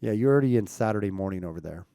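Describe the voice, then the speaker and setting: A man's voice: lowish voice, expressive, racing, creaky, warm tone, smooth, no echo. A man chatting casually with viewers on a live stream, checking his mic and asking the chat questions as he talks. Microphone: streaming mic at home setup.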